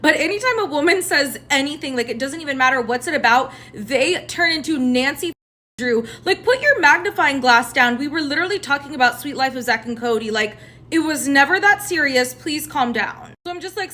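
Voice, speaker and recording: A young woman telling a dating story to camera, animated and sarcastic, acting out each person's lines. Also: high-pitched, brisk. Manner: animated, sarcastic, acts out both sides of the dialogue. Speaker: TikTok storyteller.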